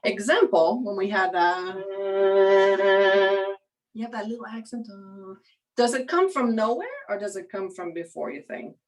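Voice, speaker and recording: A woman's voice: mid-range voice, expressive, moderate pace, pauses often, soft background music, low-quality recording. A woman teaching viola in a master class, coaching a student with encouraging explanations full of "you know.".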